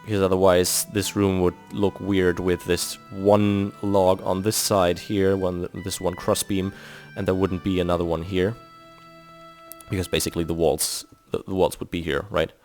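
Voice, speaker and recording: A man's voice: deep voice, level tone, moderate pace, darkish tone. A man from Germany with a German accent, thinking aloud and explaining step by step as he builds in a game. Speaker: video game builder host. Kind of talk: casual commentary while building in a game. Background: faint background music.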